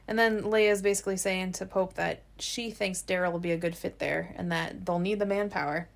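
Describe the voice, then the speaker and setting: A woman's voice: on the low side, steady tone, fairly quick, vocal fry. A woman co-hosting a podcast, chatting casually as she recaps scenes and reads out lines of dialogue. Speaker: podcast co-host. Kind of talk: casual episode recap chat.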